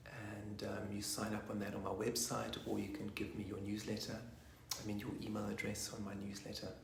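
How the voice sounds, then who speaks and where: A man leading a guided meditation online, soft-spoken and slipping into whispers at times. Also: lowish voice, monotone, fairly quick, vocal fry, a little hiss or hum. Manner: rocks forwards and back while chanting. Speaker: meditation teacher. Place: online session from a room. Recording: roomy echo.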